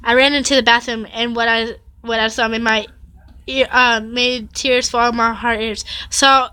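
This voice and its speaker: A woman's voice: on the high side, little pitch movement, moderate pace, bright, forceful tone, clean tone, dry recording. A woman YouTuber reading fan fiction aloud, stumbling over and correcting the words and breaking off to react with dramatic exclamations. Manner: stumbles and corrects herself often.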